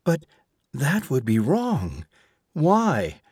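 A man's voice: on the high side, huge pitch swings, drawn-out words, a little mellow, breathy edge, no echo, clean studio sound, full character voice. A man reading an audiobook, voicing a prim, haughty woman who is easily shocked, in a clipped, disdainful manner. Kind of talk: audiobook character voice.

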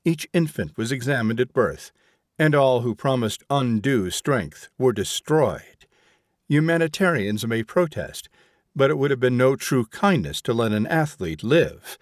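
A man narrating an audiobook in a measured, expressive way. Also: mid-range voice, no room sound, clean studio sound.

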